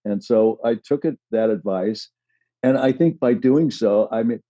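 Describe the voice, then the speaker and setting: A man guest on a podcast telling animated, rambling stories in casual chat. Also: mid-range voice, unhurried, no room sound, dull audio.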